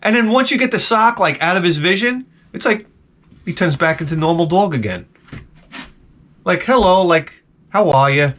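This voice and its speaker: A man's voice: high voice, very animated, moderate pace, pauses often, a bit bright. A man telling a rambling, profane story in a casual comedic rant to his vlog audience. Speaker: vlogger.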